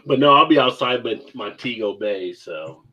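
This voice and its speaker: A man's voice: medium pitch, expressive, normal speed, bright, forceful tone. A man hosting a beer livestream, chatting casually and teasing his friends in jokey banter. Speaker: beer channel host.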